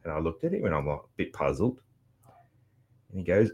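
A man's voice: deep voice, huge pitch swings, normal speed, long pauses, husky. A man with an Australian accent giving a casual, rambling travel recap, swearing freely with many ums and restarts. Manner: loud, chatty. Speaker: vlogger.

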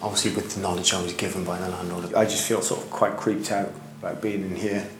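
A man's voice: low voice, little pitch movement, quick pace, music in the background. A man co-hosting a comic ghost hunt in an old pub at night, talking in a dry, mock-earnest, self-mocking way. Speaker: co-host. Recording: roomy echoey pub room.

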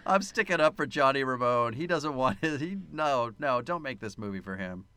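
A male podcast co-host with a bright, pointed voice, recorded dry and close. He talks in loose, sarcastic chat, swears freely and plays up mock outrage. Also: medium pitch, animated, moderate pace, clear, resonant tone, no room sound. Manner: sarcastic, profane, mock-indignant. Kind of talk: casual film-review chat.

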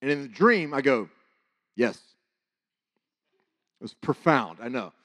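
A man preaching, telling a personal testimony in an animated, excited storytelling way. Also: mid-range voice, fairly quick. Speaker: guest preacher.

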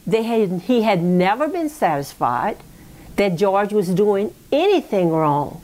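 A woman's voice: medium pitch, sing-song, takes it slowly, darkish tone. Reflective woman telling a family story. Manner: reflective, digressive, with frequent "you know" and "okay?". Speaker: interviewee recounting family history. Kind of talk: oral history storytelling.

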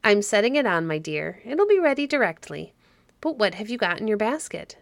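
A woman reading the part of a cheerful, kindly old caretaker woman in a fairy story, in a gentle, homely way. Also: mid-range voice, very animated, fairly quick, creaky, dry recording.

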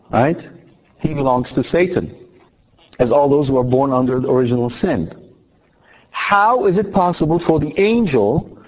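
A man giving a Bible teaching, his voice a little higher than most men's. He asks his listeners questions and answers them himself, often starting his sentences over. The recording sounds slightly dull and lo-fi. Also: husky. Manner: questions the audience and answers himself, with many restarts. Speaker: Catholic teacher.

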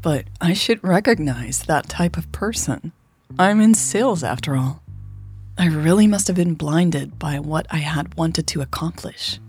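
A woman voicing a thoughtful young woman in sales, speaking in a low, measured way. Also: expressive, darkish tone, husky, faint music behind, full character voice. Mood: wry.

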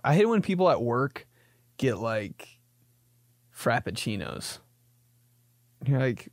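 A man's voice: medium pitch, big pitch swings, measured pace, long pauses, dry recording, clean studio sound. A young man hosting a podcast, riffing in a jokey comedic monologue and slipping into silly voices. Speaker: podcast host.

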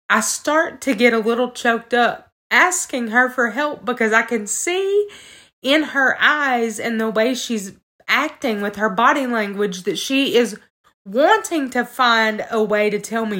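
A woman's voice: on the high side, animated, slow, sharp tone. Earnest woman telling a story. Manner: earnest, heartfelt, talks straight to listeners. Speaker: podcast co-host. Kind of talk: personal storytelling in casual chat.

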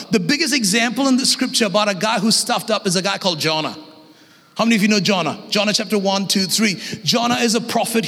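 An energetic Australian pastor with a high voice and a gravelly edge. He preaches with humor and rising shouts. His voice carries a long reverb from a church hall. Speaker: guest pastor. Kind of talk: lively sermon.

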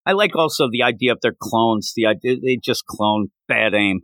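A man hosting a podcast, recapping a comic in casual, rambling, animated chat with lots of filler words. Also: mid-range voice, normal speed, no room sound. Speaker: podcast host.

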